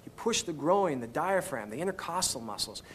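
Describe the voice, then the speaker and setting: A man's voice: on the high side, big pitch swings, normal speed, slight background noise. A man teaching singing on an instructional video, patiently coaching each step. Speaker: vocal instructor.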